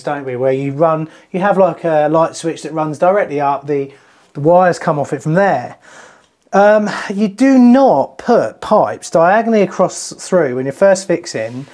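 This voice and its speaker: A man's voice: on the high side, a little mellow. A man, a plumber giving a casual on-the-job tutorial indoors with joking asides. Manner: chatty, joking asides to camera. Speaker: plumber presenting a how-to. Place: customer's bathroom, indoors. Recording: music playing under the voice.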